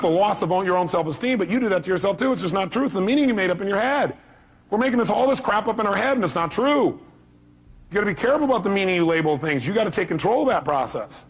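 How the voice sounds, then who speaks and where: A man's voice: high voice, animated, quick pace, a bit bright. A man giving a live motivational seminar speech, talking emphatically and firing rhetorical questions at the audience. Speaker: motivational speaker.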